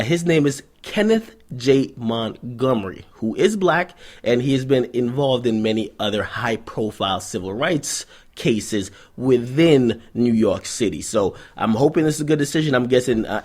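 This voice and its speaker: A man's voice: medium pitch, a little mellow. A young adult man hosting a vlog, ranting through hip-hop news commentary in a profane, sarcastic, storytelling manner.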